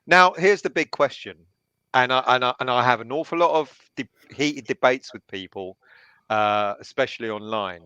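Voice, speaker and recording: A man's voice: mid-range voice, sharp tone, clear, resonant tone, dry recording, highs cut off. A man hosting a live online football chat, putting questions to his panel over a video call. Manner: leads the panel with questions, quick asides. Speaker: host.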